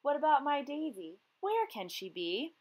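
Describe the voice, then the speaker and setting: A woman's voice: high-pitched, very animated, unhurried, a little mellow, pitched above the performer's own voice. Woman reader doing a worried young farmer woman searching for her hen; anxious, calling out, storybook tone. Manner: anxious, cries out.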